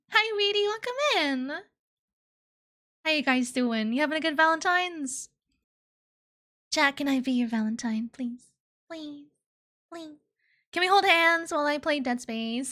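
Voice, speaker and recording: A woman's voice: sits high, lively intonation, normal speed, long pauses, bright, forceful tone. A young woman streaming live, chatting casually and playfully with her chat, giggling and slipping into cutesy baby talk. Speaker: VTuber streamer.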